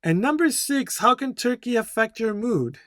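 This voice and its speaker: A man's voice: very high-pitched, lively intonation, moderate pace, fairly bright tone, dry recording, clean studio sound. A man instructor working through test answers, repeating key words and reading the dialogue lines aloud. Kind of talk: tutorial explanation.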